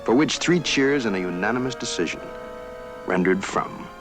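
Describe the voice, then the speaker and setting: A man delivering a measured, declamatory closing narration from an old TV broadcast. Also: lowish voice, animated. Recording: old TV broadcast clip with music. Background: music.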